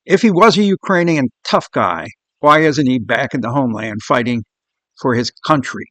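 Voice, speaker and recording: A man's voice: mid-range voice, lively intonation, normal speed, fairly bright tone, dry recording. Blunt male commentary host. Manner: scornful, blunt. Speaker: show host.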